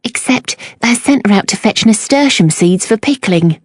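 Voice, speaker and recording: A woman's voice: mid-range voice, expressive, normal speed, slightly rough, no room sound, pitched above the performer's own voice. A fretful cookmaid speaks hesitantly and anxiously, as a woman narrator puts her on. She sounds cautious and worried. The recording is dry and close.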